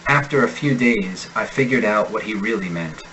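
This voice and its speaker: A man's voice: lowish voice, lively intonation, sharp tone, a little hiss or hum, rough recording. American man reading pronunciation drills. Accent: General American. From United States. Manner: slow, deliberate enunciation of sample words. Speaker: accent instructor. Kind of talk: reading example sentences in a pronunciation lesson.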